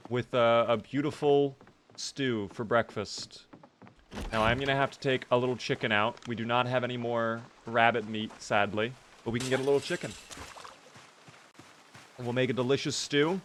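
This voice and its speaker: Young male streamer, mid-range voice, quick to react and chatty with his viewers. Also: medium pitch, slight background noise. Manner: excitable, reactive, thanks viewers often. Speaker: game streamer. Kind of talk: live gameplay commentary.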